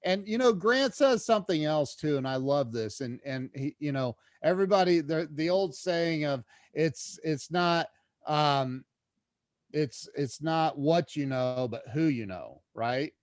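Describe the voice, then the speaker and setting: A man as a podcast guest, telling a personal story in a casual, animated way, restarting phrases and getting louder when excited. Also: a little high, unhurried, no echo, studio quality.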